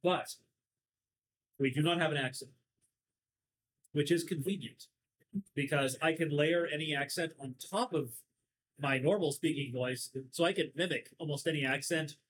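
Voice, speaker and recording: A man's voice: on the high side, moderate pace, long pauses, a bit bright, rough recording. A man with a Southern Californian accent, hosting a casual podcast and telling stories at length in a sardonic, rambling way. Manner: talkative, sardonic, rambling storyteller. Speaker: podcast host. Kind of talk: casual chat.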